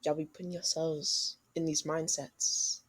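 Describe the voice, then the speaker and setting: A woman's voice: low-pitched, level tone, a little slow, a bit bright, husky. A young woman co-hosting a podcast, chatting casually and giving frank dating advice straight to listeners. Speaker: podcast co-host. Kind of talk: casual chat.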